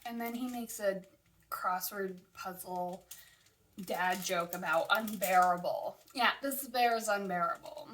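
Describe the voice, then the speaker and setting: A young woman giving a comedic, sarcastic review of a picture book, exasperated and full of quick asides. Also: medium pitch, a bit bright, recorded from a distance, a little hiss or hum. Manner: sarcastic, exasperated, jumps between mock voices and asides.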